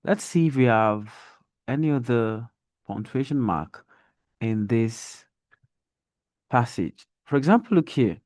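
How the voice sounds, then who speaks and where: Male reading teacher, unhurried and careful, models intonation, dry close sound. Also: mid-range voice, expressive, darkish tone, no echo. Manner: slow, deliberate, demonstrates intonation. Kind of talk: online reading lesson.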